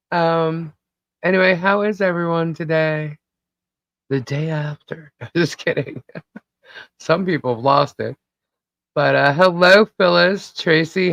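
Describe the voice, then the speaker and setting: Slightly hoarse woman host, slow and gravelly, dry dull stream sound. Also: fairly low pitch, fairly bright tone, no echo. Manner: chatty, laughs often, reads out viewer names. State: voice a little hoarse. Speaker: podcast host greeting live chat. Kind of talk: casual live-stream chat.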